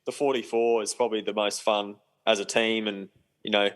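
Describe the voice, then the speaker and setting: A man's voice: fairly low pitch, little pitch movement, a little fast, poor audio. A young man chatting casually as a podcast guest, laid-back and rambling with lots of ums. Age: young adult. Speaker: guest, professional sailor.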